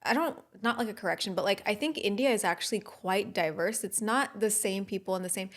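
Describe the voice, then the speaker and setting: A woman co-hosting a podcast who talks thoughtfully and often pauses to search for words. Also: medium pitch. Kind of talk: casual podcast chat.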